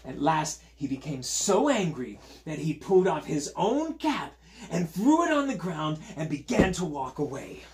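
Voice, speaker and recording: A man's voice: on the high side, sing-song, normal speed, a little hiss or hum. A male teacher reading a picture book aloud to children in a playful, chatty way and inviting them to join in. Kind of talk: storytime read-aloud for children.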